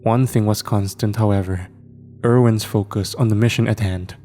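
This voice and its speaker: Low, dark-voiced man narrating horror. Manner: measured, ominous. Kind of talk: scripted narration.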